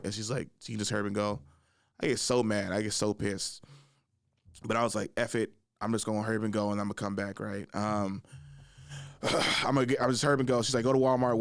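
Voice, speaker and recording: Young male podcast host, hoarse, casual storyteller, cussing freely, dry room. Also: fairly low pitch, no echo. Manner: animated, swears a lot, acts out voices loudly. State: hoarse from lost voice.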